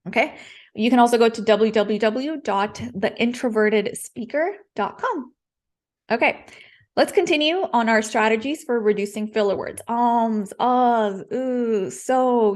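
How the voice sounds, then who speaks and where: A woman's voice: on the high side, normal speed. A woman coaching public speaking in a live-streamed lesson, direct and encouraging, repeating her key points.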